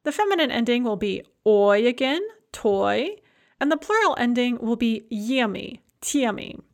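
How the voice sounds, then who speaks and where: A woman teaching a language lesson, walking through grammar charts in a clear, methodical way and reading out example words one by one. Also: a little high, big pitch swings, measured pace. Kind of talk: explaining grammar over slides.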